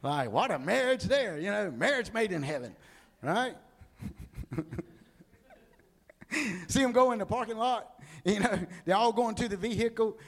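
A man preaching a humorous sermon, telling animated stories and acting out the people in them. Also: high voice, measured pace, pauses often. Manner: animated storytelling, acts out people.

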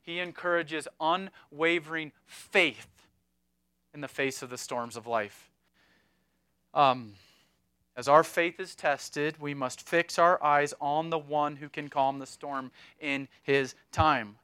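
A man preaching with a high, bright and clear voice, recorded close and dry. He speaks emphatically, swinging between loud exhortation and soft, hushed lines. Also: slow pace, no echo. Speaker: pastor. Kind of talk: sermon.

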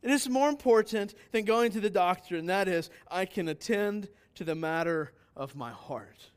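High-voiced man preaching an emphatic sermon. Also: animated, normal speed, smooth. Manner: emphatic preaching with rhetorical questions, swinging between loud and quiet. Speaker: pastor.

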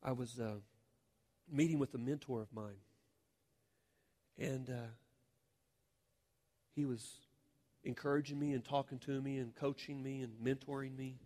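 A man's voice: medium pitch, steady tone, unhurried, pauses often, mellow. A man preaching a sermon as a pastor, earnest and rising to fervent appeals to the congregation. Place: church sanctuary.

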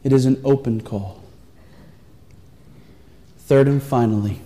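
A man preaching a sermon, telling a story with earnest, pleading warmth. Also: mid-range voice, slow, long pauses. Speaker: pastor. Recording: long reverb of a large hall.

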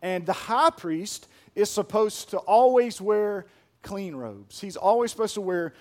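A man's voice: sits high, animated, unhurried, a little mellow. A male pastor preaching a sermon emphatically, repeating his key lines for weight.

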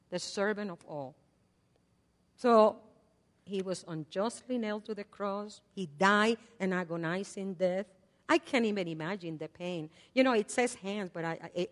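Older woman preacher, mid-pitched voice, chatty sermon, loud-then-soft delivery, long church reverb. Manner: swings from loud repeated prayers to soft asides; conversational, with fillers and laughs.

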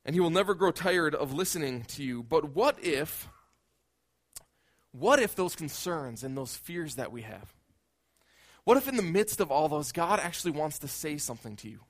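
A man's voice: fairly high pitch, sing-song, moderate pace. A male pastor preaching a conversational sermon, often repeating words as he builds a point.

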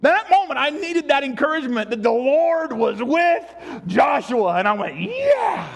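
A man preaching a sermon as pastor, animated, acting out voices and shouting at times for emphasis. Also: very high voice, moderate pace, creaky.

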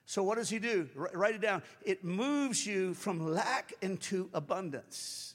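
A man preaching a sermon as pastor, animated, acting out quoted voices and rising to shouts. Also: high voice, a little slow. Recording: long hall reverb.

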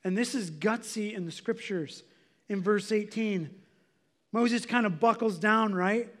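Guy preaching a sermon, high voice, chatty, keeps saying "like". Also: unhurried, a bit bright. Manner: conversational, filler "like". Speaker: pastor.

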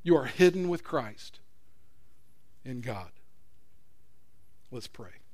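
A middle-aged man preaching a sermon as pastor, an earnest storyteller who swings from loud emphasis to quiet prayer. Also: medium pitch, very animated, takes it slowly.

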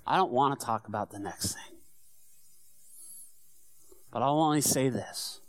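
In a church monologue, a man speaks in the first person as the apostle Peter, an earnest middle-aged fisherman. He begins hushed and sorrowful and swells into fervent preaching, swinging between whispers and shouts in lightly acted storytelling. His medium-pitched voice is unhurried over soft background music.

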